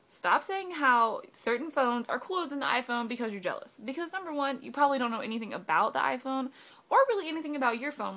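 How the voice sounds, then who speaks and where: Into her phone camera, a teen girl delivers a sarcastic, swear-filled rant, dropping valley-girl "like" again and again. Her voice runs on the high side and is a bit bright.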